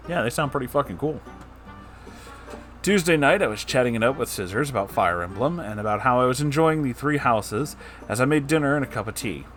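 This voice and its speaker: A man's voice: medium pitch, a bit bright. A man reading a story aloud and breaking off for casual, sarcastic, profane asides. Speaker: story narrator.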